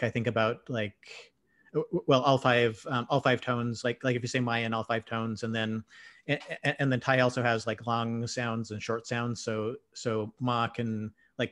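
A man hosting a relaxed conversation, with a voice of ordinary middle pitch. He keeps tripping over his words and repeating himself as he hurries to get his point out. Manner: stammering, many quick restarts. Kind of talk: casual conversation.

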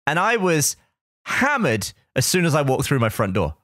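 A man's voice: on the high side, wildly swooping pitch, normal speed, fairly bright tone, no echo. Rambling, laughing podcast man, dry mic. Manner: rambling, stops and restarts with laughs. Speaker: podcast co-host. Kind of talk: casual podcast chat.

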